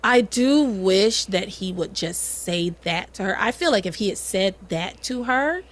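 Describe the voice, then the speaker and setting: A woman hosting a podcast in a casual chat, animated and swearing casually as she recaps. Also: medium pitch, measured pace. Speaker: podcast host recapping a soap opera.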